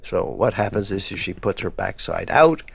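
Gravelly man, halting scholarly talk. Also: low-pitched, lively intonation, slight background noise. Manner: halting, many fillers and restarts. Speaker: guest scholar. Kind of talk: academic discussion.

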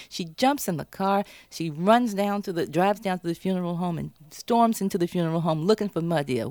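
A woman's voice: medium pitch, lively intonation, brisk, few pauses, darkish tone, no echo. A woman, an author being interviewed, who tells her story with animation and acts out her characters' lines. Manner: thoughtful, with many restarts. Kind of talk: interview talk about her novel.

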